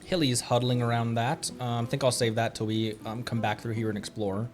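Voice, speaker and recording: A man's voice: medium pitch, little pitch movement, brisk. A man streaming a video game live, rambling casually and laughing at his own slips. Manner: chatty, rambling, laughs often at himself.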